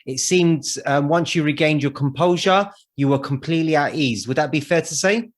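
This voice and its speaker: Higher-voiced male interview host. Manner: leading questions, quick affirmations. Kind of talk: interview questions.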